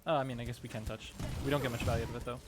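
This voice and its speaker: A man's voice: medium pitch, fairly even intonation, very fast, over music. A man coaching as he reviews team match footage, thinking aloud in a casual, analytical way with frequent restarts. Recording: noticeable background noise.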